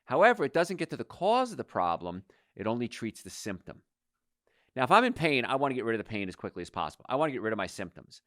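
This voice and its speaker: A man in his sixties hosting a radio health talk show, emphatic and animated, rattling off lists. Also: medium pitch, quick pace, no echo, studio quality.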